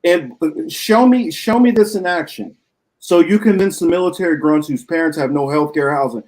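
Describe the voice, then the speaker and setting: A man's voice: a little high, normal speed, a little mellow, poor audio. A man co-hosting a political talk show, arguing bluntly and with profanity in a heated debate.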